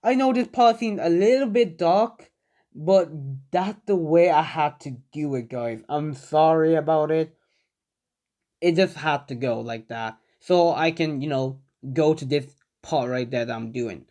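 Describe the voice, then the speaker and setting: A man's voice: a little high, a little slow, warm tone. A young man casually narrating a fan story, rambling with many fillers.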